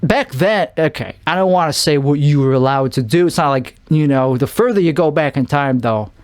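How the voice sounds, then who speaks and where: A man's voice: on the high side, moderate pace, no echo, clean studio sound. A man from Chicago with a Chicago accent, rambling through a solo podcast monologue, often restarting and trailing off. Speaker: podcast host.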